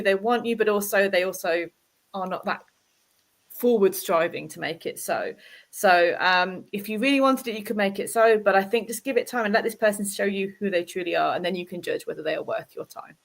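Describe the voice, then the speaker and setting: A woman's voice: medium pitch, expressive, fairly quick, creaky, a bit bright. A woman from the UK giving a chatty, hesitant live tarot reading, acting out little quotes. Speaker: tarot reader.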